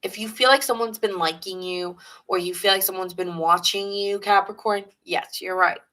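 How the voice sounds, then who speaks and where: Woman, New York accent, tarot reader on a live stream, chatty and rambling, bright forceful voice. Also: medium pitch, fairly even intonation, normal speed, rough recording. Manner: chatty and rambling, greets viewers in the chat.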